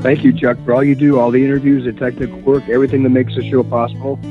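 A man's voice: mid-range voice, little pitch movement, fast talker. Male radio co-host, mid voice, tinny phone-like line, music under; grateful sign-off. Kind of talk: thank-you sign-off.

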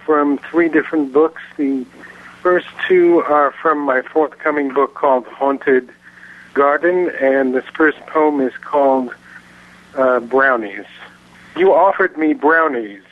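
A man with a slightly raised voice reads his poems slowly and carefully. He comes through a thin, tinny telephone line. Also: a little high, no room sound. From Virginia, US. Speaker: poet and guest caller. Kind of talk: poetry reading.

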